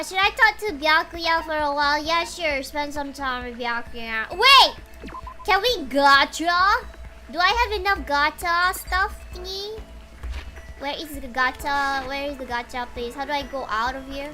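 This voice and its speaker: A woman with a high voice streams a game, chatting casually and excitably with her viewers. Loud game music plays under her voice throughout. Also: normal speed. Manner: excitable, chatty, talks to chat. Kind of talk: casual game livestream chat.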